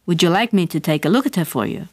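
Woman doing a brisk nurse mother. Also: lowish voice, big pitch swings, a little mellow, dry recording, studio quality. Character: brisk middle-aged Dutch mother, a nurse.

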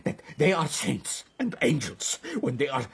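Brief: husky, mercurial statesman, lively swooping delivery, leans higher. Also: measured pace, full character voice. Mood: outraged. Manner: mercurial, swings from wry jokes to outraged tirades. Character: volatile, theatrical male prime minister, middle-aged. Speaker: prime minister.

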